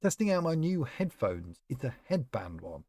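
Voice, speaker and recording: Rambling man, lively pitch. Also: normal speed, no echo, clean studio sound. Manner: rambling, chatty, talks to chat members by name. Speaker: streamer. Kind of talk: casual live-stream chat while playing.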